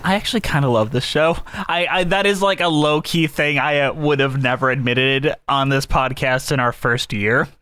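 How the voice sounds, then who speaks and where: A man's voice: medium pitch, sharp tone, clean tone, dry recording. A man hosting a casual podcast chat, joking and leading the talk. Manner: joking, quick-witted, leads the talk. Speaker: podcast host.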